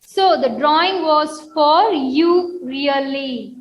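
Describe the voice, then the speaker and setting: Slow, high-voiced woman teacher reading aloud. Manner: repeats lines slowly, asks and answers questions. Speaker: English teacher. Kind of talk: reading a story aloud and explaining it to pupils. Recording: echoey room, dull lo-fi sound.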